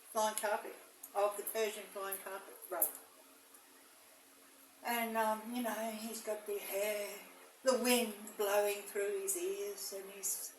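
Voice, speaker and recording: Woman, spiritual storyteller, slow and halting, roomy far-off recording. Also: medium pitch, a little hiss or hum. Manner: halting, many fillers and restarts. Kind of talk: rambling first-person visionary narration. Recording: echoey room, mic far off.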